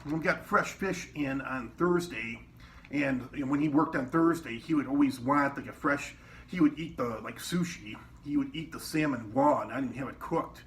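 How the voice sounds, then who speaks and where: Recorded on a distant mic with faint noise behind him, a man swaps loose stories from his days as a cook. He curses a lot, wanders off track, and raises his voice when quoting others. He speaks at a normal speed, with a medium pitch and a slightly bright tone.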